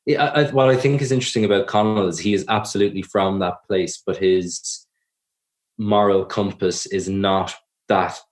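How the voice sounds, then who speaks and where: A man's voice: low-pitched, fairly even intonation, moderate pace. A young Irish man in his twenties, answering interview questions about his acting work in a thoughtful way, often restarting his sentences. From Ireland. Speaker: actor guest.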